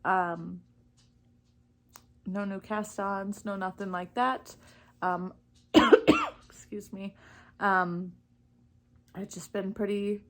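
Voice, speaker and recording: A young woman chatting casually in her crafting vlog, rambling with lots of fillers and getting easily distracted. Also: mid-range voice. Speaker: knitting vlogger. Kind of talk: casual chat.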